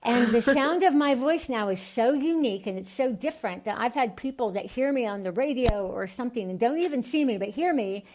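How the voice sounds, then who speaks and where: American lady w/ a lisp and a kinda unusual voice, higher pitched, earnest, gets excited as a podcast guest. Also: brisk, hardly any pauses. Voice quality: unusual altered voice after tongue surgery. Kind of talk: podcast interview.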